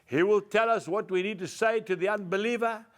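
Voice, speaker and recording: A male preacher with a loud voice giving a devotional sermon and reading scripture, emphatic and folksy, calling his listeners folks. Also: high-pitched, brisk.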